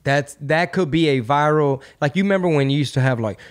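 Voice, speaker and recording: A man hosting a casual podcast, talking loosely and profanely and riffing through bits with quick mock voices. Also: fairly high pitch. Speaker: podcast host and comedian.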